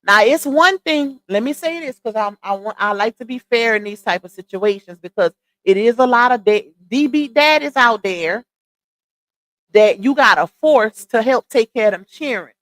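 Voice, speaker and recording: A woman's voice: fairly high pitch, lively intonation, moderate pace, fairly bright tone. A young woman hosting a casual livestream, speaking in in an outspoken, emphatic way and addressing her viewers directly. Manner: opinionated, emphatic, talks straight to viewers. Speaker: live stream host.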